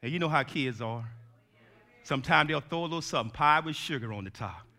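A male preacher giving a sermon in call-and-response style, swinging from shouts to hushed tones. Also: a little high, expressive, brisk.

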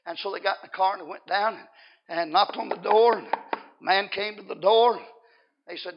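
A male preacher telling a story and exhorting his congregation in a high, gravelly voice. He builds to loud, shouting appeals. The recording is dull and lo-fi. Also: normal speed. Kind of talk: revival sermon.

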